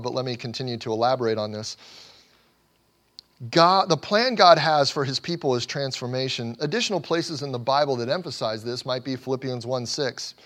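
A man's voice: mid-range voice, fairly bright tone. An earnest male pastor delivering a sermon in an ordinary mid-range voice. He drives his points home with repeated phrases and often restarts a word before pressing on. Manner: earnest, emphatic repetition with frequent restarts.

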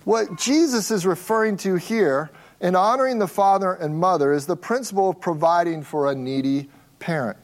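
A pastor preaches an expository sermon in a distinctly high-pitched voice, hitting key words hard and slowing his delivery to stress them.

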